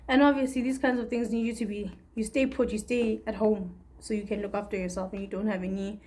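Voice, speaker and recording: A woman's voice: medium pitch, steady tone, quick pace, a little mellow. A young woman from Africa, talking through a candid, rambling personal video diary. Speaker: vlogger.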